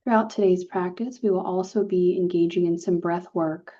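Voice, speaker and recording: A woman leading a guided relaxation session, speaking calmly and gently with soft pauses. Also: fairly low pitch. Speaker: meditation guide. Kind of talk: guided meditation talk. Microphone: video call. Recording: dull lo-fi video call audio.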